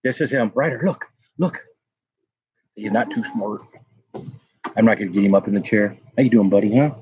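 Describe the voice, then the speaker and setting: A man's voice: on the low side, normal speed, a little mellow, husky, no echo. A middle-aged man hosting a live stream from home, chatting casually and rambling with lots of fillers as he reads viewer comments. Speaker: livestream host. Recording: dry, dull lo-fi sound.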